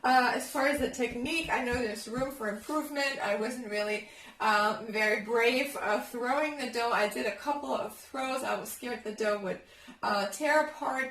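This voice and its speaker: A woman from Germany, a home cook vlogging in her kitchen, chatty and excitable as she talks viewers through cooking. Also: fairly high pitch, moderate pace, rough recording. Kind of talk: casual cooking vlog.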